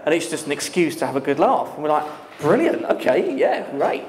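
A man telling a lively story to an audience at a live talk, laughing often and using many fillers. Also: fairly high pitch, fairly quick, a little hiss or hum. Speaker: guest speaker. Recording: echoey hall with long reverb.

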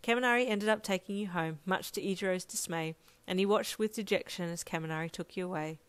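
Woman narrating a fan story, lowish voice. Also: fast, clean tone. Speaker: fan fiction reader. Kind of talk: audiobook narration in second person.

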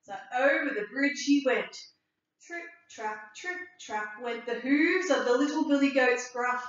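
A woman teacher reading a story aloud and leading a writing lesson for young children, clear and expressive. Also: sits high, unhurried. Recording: echoey room from far off, dull.

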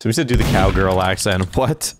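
A man livestreaming a video game, chatting casually and reacting out loud as he plays. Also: low-pitched, fairly quick, loud music behind the voice. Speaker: gaming streamer. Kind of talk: casual live gameplay commentary.

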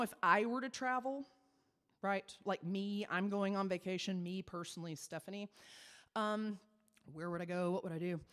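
Chatty cabaret singer with reverb. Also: female voice, mid-range voice, smooth. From Texas. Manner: chatty, self-mocking storyteller. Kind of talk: stage patter between songs.

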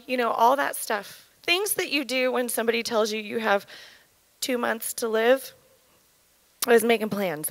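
A woman in her thirties giving an earnest, halting personal testimony at church, her voice shaken with emotion. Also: fairly high pitch, no room sound, rough recording. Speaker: church speaker sharing testimony.

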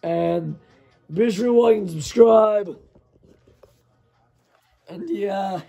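A young man with a hoarse, worn voice, casually commentating his football video game and shouting at big plays. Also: sits high, slow, faint music behind. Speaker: gaming channel host.

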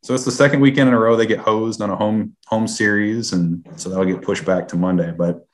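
A man's voice: fairly low pitch, steady tone, fairly quick. Easygoing young man on a sports podcast. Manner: easygoing, hedging with fillers. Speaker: podcast co-host. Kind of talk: casual sports chat.

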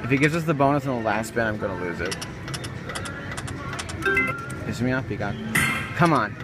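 Brief: profane slot vlogger man, swooping voice, loud casino music behind. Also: medium pitch, quick pace. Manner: profane, excitable, joking rants. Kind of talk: live casino play commentary. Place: casino floor at a slot machine. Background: loud slot machine music.

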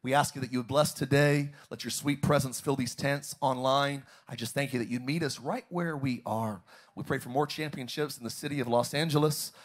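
A man's voice: mid-range voice, steady tone, brisk. A young adult man, a pastor, preaching a sermon in a church auditorium and drawing call-and-response from the congregation.

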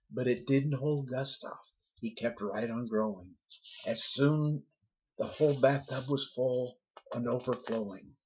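A man reading a rhyming children's story aloud with a lively, rhythmic delivery. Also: medium pitch, a little slow, slightly rough. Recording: dull lo-fi recording.

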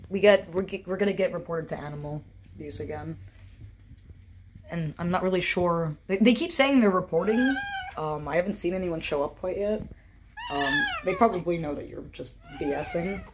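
Filming her cats on her phone at home, a young woman talks to them in sing-song baby talk, playful and casual. Her lowish voice has big pitch swings and a moderate pace, and there's a little hiss or hum.

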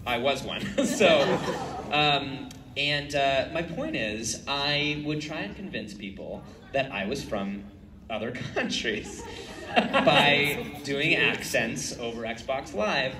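A man's voice: mid-range voice, takes it slowly. A man, a voice actor on a convention panel, telling stories with lots of laughter. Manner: animated storyteller, laughs often. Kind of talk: casual panel chat. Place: convention hall stage. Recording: echoey hall with crowd, distant mic. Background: audience crowd.

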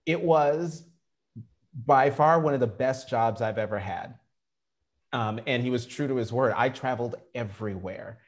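A middle-aged man telling career stories in an interview, animated and acting out the quotes. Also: mid-range voice, measured pace. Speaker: journalist guest. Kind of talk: storytelling interview.

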